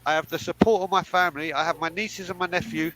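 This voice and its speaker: A man's voice: a little high, fairly even intonation, fast talker, pushed and bright, poor audio. A man co-hosting a podcast, talking bluntly and emphatically and swearing freely. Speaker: podcast co-host. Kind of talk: candid panel talk.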